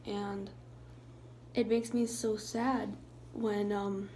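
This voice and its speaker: A young woman talking to her viewers in a soft, halting way, sometimes dropping into a hushed, whispery voice. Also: medium pitch, little pitch movement, background noise. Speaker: YouTuber. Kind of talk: emotional vlog talk to viewers.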